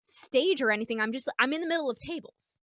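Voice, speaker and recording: High, bright, animated woman comic. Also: fast, a little hiss or hum. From New York. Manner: animated, acts out the people in her stories. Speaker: comedian, guest. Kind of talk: casual chat, comic storytelling.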